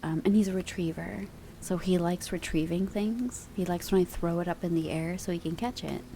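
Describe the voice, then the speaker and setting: A woman ASMR streamer chatting casually on a booth mic, giggly and playful, slipping into high sing-song baby talk with her pet. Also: moderate pace, vocal fry, warm tone, a little hiss or hum. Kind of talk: casual chat. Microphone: ASMR microphone in a sound booth.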